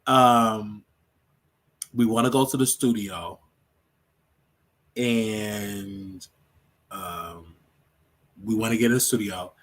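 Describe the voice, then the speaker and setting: A man's voice: fairly low pitch, slow, pauses often. A man hosting his own show, chatting casually and rambling on a livestream, laughing often. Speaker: show host.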